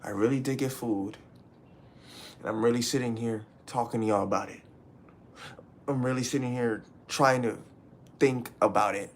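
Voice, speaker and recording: A frustrated, upset young livestreamer vents to his chat, raw and profane, repeating himself in an emotional rant. His medium-pitched voice holds a steady tone at normal speed, pausing often, with slight background noise.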